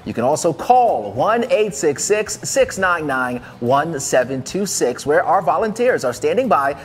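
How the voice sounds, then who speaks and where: A man's voice: a little high, big pitch swings, a little slow. A man co-hosting a live studio broadcast, upbeat and bantering with his partner. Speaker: TV host.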